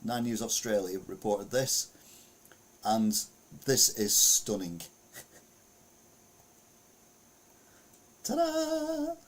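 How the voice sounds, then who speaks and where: Male podcast host, slightly low voice, rambling and chuckling through the news with muttered asides. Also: fairly even intonation, slow. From United Kingdom. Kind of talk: casual news commentary while sharing a screen.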